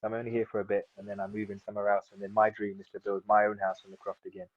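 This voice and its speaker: A South London man in his thirties, a seaweed farmer, chats casually as an interview guest, rambling with lots of fillers and restarts. His fairly low voice is monotone and rapid-fire, with no echo, and the sound is dull and lo-fi.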